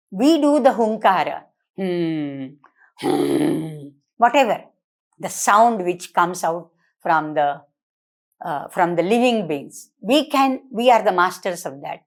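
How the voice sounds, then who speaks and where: A woman professor with an Indian English accent gives an academic lecture, reciting Sanskrit verse and explaining it with rhetorical questions. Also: medium pitch. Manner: explanatory, asks rhetorical questions, switches into Hindi and Marathi.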